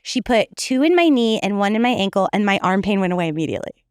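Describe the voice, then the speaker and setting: A woman's voice: mid-range voice, expressive, quick pace, clear, resonant tone, no room sound, clean studio sound. A young adult woman, a podcast guest, telling a story in casual chat, full of fillers and acted-out quotes. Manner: chatty storyteller, lots of fillers, acts out quotes.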